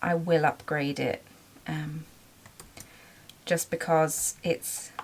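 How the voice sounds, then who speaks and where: A woman's voice: low voice, flat delivery, extremely slow. A woman running a small craft business, talking in a chatty, rambling way with lots of ums in a casual vlog. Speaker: small business owner and vlogger.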